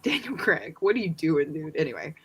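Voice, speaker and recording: A woman's voice: deep voice, a little fast, husky. A woman co-hosting a casual book club video call, telling stories with jokey asides. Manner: animated storyteller, joking asides.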